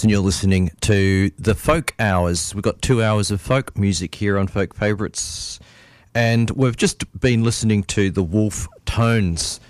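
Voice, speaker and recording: A man hosting a radio folk music show, talking casually with many pauses and fillers. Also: lowish voice, no room sound, clean studio sound. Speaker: radio host.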